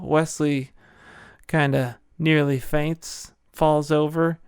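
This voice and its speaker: A male podcast host talks through a film recap, rambling and joking with open enthusiasm. His voice is gravelly yet smooth and clear, and his pace is slow. It is recorded close and dry. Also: fairly high pitch, darkish tone, no room sound.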